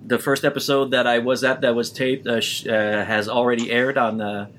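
A man co-hosting a podcast in casual chat, telling stories in an animated way, laughing often and restarting his sentences. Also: medium pitch, moderate pace, a little hiss or hum. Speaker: podcast co-host.

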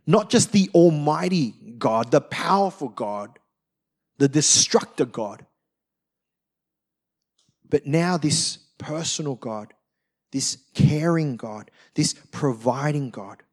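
A male preacher with a notably high voice delivers a sermon. He tells stories with animated energy, acting out quotes in different voices as he goes. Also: slow pace, pauses often. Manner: animated storytelling, acts out quotes. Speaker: pastor.

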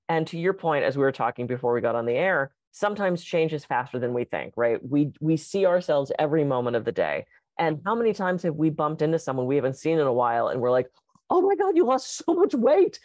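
Animated storytelling woman, dry close mic. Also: low voice, fast, no echo. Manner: animated storyteller, acts out quotes. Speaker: podcast co-host and coach. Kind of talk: casual podcast chat.

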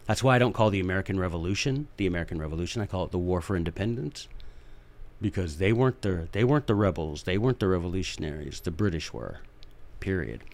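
A fired-up man hosts his own show, driving his points home and repeating them for emphasis. His pitch swoops and jumps as he talks, and his speech stays folksy and emphatic. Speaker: podcast host. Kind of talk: impassioned political commentary.

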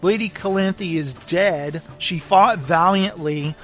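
A man with a notably high voice retells a story to his co-host, slipping into the characters' lines as he goes. The talk is casual and lively. Faint music plays underneath. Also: slow pace. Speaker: podcast co-host. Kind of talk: casual book discussion.

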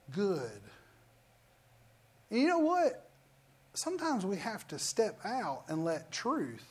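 A middle-aged male pastor giving a sermon, telling personal stories and acting out the lines of each person in them with emphasis. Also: high voice. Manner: storytelling with acted-out quotes, emphatic.

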